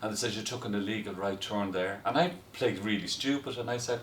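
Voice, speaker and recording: A man tells a story in a lively, chatty way, with a lowish voice. He sounds a little distant from the mic in a roomy, echoey space with faint background noise. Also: a little fast. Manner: lively storyteller, breaks into laughter. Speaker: guest telling stories. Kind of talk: casual anecdote.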